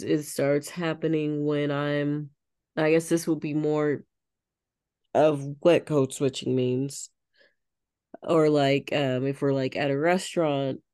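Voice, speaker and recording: A woman's voice: deep voice, darkish tone, no room sound, studio quality. A woman co-hosting a podcast in casual chat, thoughtful and searching for her words as she explains herself. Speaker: podcast co-host.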